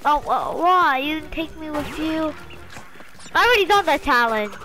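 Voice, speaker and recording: A woman giving excitable gameplay commentary, talking to herself and swearing as she plays. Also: high-pitched, moderate pace. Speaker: gamer. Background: game music.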